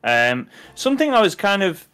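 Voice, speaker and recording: A man's voice: high voice, very animated, moderate pace, bright, forceful tone, clean tone, soft background music. A man from the UK chatting casually while playing a game, rambling with many fillers and restarts. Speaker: co-host. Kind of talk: casual chat over gameplay.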